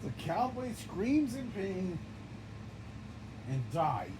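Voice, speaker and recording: A man narrates a game off the cuff in a slow, lively voice that swings up and down a lot. He stumbles and restarts his phrases as he goes, over a noisy background. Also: high voice. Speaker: gameplay narrator.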